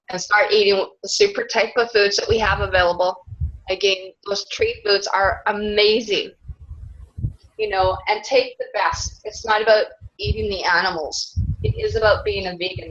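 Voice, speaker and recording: A woman in a casual interview who rambles earnestly from one thought to the next and laughs often between them. Her voice sits at an ordinary middle pitch. The recording is dull and lo-fi. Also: a bit bright. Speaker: interviewee, self-described clan mother. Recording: dull lo-fi sound.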